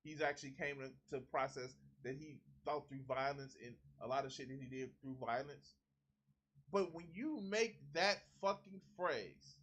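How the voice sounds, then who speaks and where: A man with a high, bright and forceful voice rants through a live reaction stream. He sounds indignant and profane, and he mocks the speakers in the clip he is reacting to. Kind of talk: heated reaction commentary.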